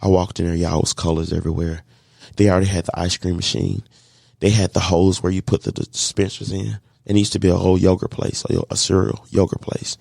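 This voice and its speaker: Man, deep low voice, gravelly, animated storyteller, acting out conversations, dry close mic. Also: brisk, dry recording. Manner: animated storyteller acting out dialogue, faith-filled. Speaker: guest, catering business owner. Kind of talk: storytelling in a podcast interview.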